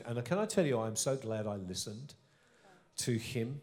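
Earnest Australian man, lowish voice. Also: normal speed, darkish tone. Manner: earnest, reflective storytelling. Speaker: senior pastor. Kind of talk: reminiscing in an onstage interview.

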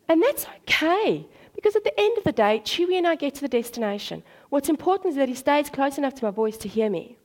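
Woman preacher, sermon, animated storytelling, fairly high voice.

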